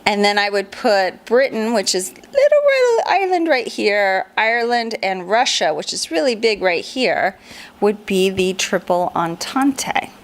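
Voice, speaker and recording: A woman's voice: medium pitch, sing-song, unhurried. A woman teacher walking children through a homeschool lesson, asking them questions and chanting memory rhymes in a sing-song. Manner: encouraging, asks children questions.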